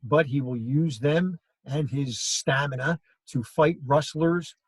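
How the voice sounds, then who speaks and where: Husky-voiced man lecturing on history. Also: fairly high pitch, takes it slowly, no room sound, poor audio. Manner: storytelling, acts out quoted lines. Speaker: history teacher. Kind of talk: classroom lecture.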